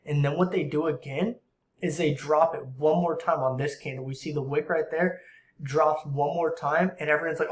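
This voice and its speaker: A young man giving a casual screen-share forex trading tutorial, talking in slang and acting out traders in quick asides. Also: on the high side, reverberant. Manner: animated, acts out traders and market makers in quick asides; slang-heavy and conversational.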